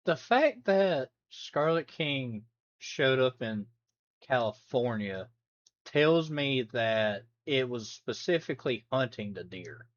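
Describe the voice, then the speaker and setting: A reaction host chatting casually and excitedly, with loud sudden outbursts. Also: medium pitch, takes it slowly. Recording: dull, dry close sound.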